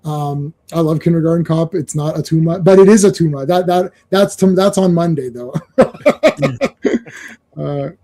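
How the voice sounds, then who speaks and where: A man's voice: on the high side, moderate pace. A man hosting a casual comics livestream, chatting with co-hosts and greeting viewers in chat. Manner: animated, laughs often, reads chat aloud. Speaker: podcast host.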